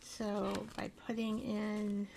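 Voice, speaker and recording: A woman's voice: mid-range voice, completely flat delivery, slow pace, vocal fry, darkish tone, slight background noise. A middle-aged woman hosting an art show, chatting casually and rambling to herself as she works on a craft project. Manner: rambling, self-deprecating, talks to herself while working. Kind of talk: casual craft demonstration chat.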